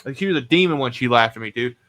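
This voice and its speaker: Bright-voiced rambling podcast host man. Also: medium pitch, animated, racing. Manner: rambling, self-mocking, swears freely. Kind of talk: casual podcast storytelling.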